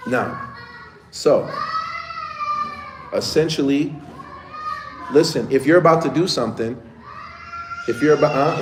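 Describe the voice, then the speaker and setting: A man's voice: mid-range voice, slow pace, long pauses, noisy background. Male teacher talking casually to kids. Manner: conversational, checks in with the class often. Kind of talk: casual lesson to children. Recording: echoey room with faint ambience.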